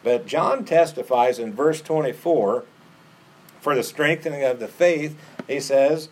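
A man's voice: mid-range voice, expressive, unhurried. A man preaching a sermon in an earnest way, repeating phrases for emphasis.

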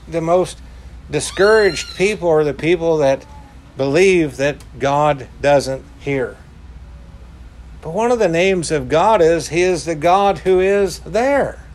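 A man preaching a sermon in a deliberate way, stressing his points by repeating key words. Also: fairly high pitch, slight background noise. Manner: slow, deliberate, emphatic repetition.

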